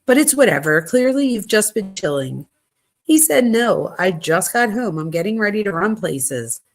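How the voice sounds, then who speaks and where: A woman at a middle pitch reads text messages aloud for a true crime channel. She keeps it conversational and plain, dropping quick asides between the texts rather than acting out the senders. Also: big pitch swings. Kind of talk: reading text messages aloud with casual commentary.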